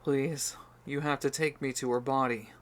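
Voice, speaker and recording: A man's voice: medium pitch, fairly even intonation, moderate pace, close to an everyday voice. A man reading an audiobook, voicing a stern blacksmith father who is desperate and grieving, with a strained delivery.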